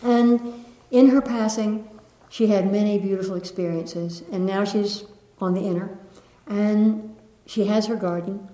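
Woman, spiritual teacher, gentle lilting delivery, live audience, roomy echo. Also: mid-range voice, steady tone, measured pace, hardly any pauses. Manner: gentle, lilting, with soft laughs. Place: room with an audience. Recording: echoey room.

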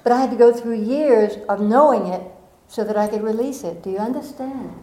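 A middle-aged woman giving a gentle, earnest spiritual talk with playful asides. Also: fairly high pitch, brisk, echoey room, low-quality recording. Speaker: spiritual speaker.

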